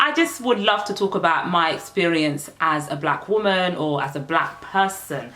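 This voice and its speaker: A woman's voice: fairly low pitch, normal speed, few pauses, a little hiss or hum. Playful British-born woman vlogger, echoey. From United Kingdom. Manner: playful, animated, laughs often. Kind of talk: casual chat to camera.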